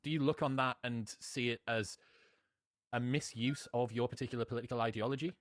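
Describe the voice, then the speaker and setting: A man interviewing in a debate, measured and explaining with examples. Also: medium pitch, fairly even intonation, no room sound, studio quality. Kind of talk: conversational interview.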